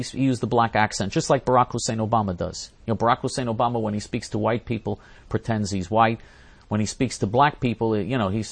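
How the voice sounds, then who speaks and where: A man hosting a talk show, reading out listener questions and ranting indignantly, repeating himself and restarting his sentences. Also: medium pitch. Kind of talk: angry ranting monologue.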